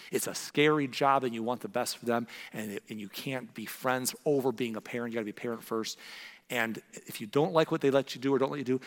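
A man preaching a sermon as a pastor, earnest and storytelling, dropping to hushed tones for emphasis. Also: medium pitch. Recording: long reverb in a large hall.

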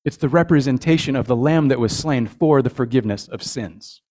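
A man's voice: mid-range voice, fairly quick, a little mellow. A man, a father with young boys, preaching a communion sermon in an earnest way, often repeating words and checking in with his listeners. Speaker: pastor.

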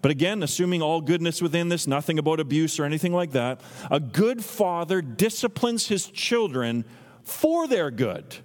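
A man in his thirties preaching a sermon as a pastor, teaching earnestly and acting out quotes in lively voices. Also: fairly high pitch, normal speed. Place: church sanctuary. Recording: long reverb from a church hall.

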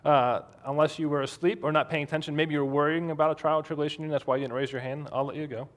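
A man's voice: on the high side, steady tone, fast. A man preaching a sermon in a conversational way, asking the congregation questions. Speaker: pastor.

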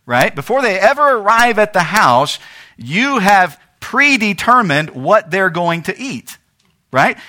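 Male pastor, sermon, high lively voice, bright, checks in with "right?". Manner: animated, talks straight to the congregation with frequent "right?". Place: church.

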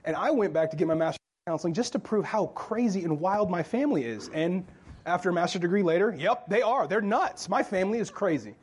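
A man's voice: high voice, expressive, fast, slightly rough. A male pastor preaching a sermon in church in a loose, joking, conversational way, often asking the crowd questions.

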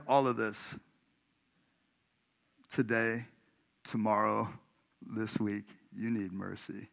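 A man's voice: fairly low pitch, gravelly. A man from Washington state, a pastor preaching a sermon in a church, telling a personal story in a chatty way and often laughing as he talks to the congregation. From Washington state, USA. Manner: conversational, laughs often, addresses congregation directly. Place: church sanctuary.

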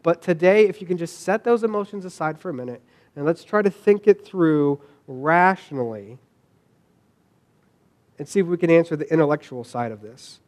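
A man's voice: fairly high pitch, normal speed. A man preaching a sermon, talking conversationally with restarts and questions to the congregation. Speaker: pastor.

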